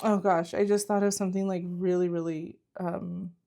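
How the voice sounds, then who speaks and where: A woman's voice: fairly low pitch, flat delivery, normal speed, vocal fry, dark tone, a little hiss or hum. A woman giving an earnest, encouraging tarot reading to camera, repeating herself and saying "like" often. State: close to tears at times. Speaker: tarot reader.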